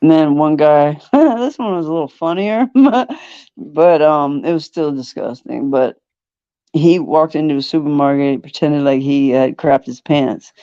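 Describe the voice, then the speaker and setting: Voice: mid-range voice, unhurried, clean tone. A laid-back podcast host tells stories in casual chat, laughing often and slipping into the voices of the people in them. The sound is dull and lo-fi. It is dry, with no room echo. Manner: animated storyteller who acts out quoted voices.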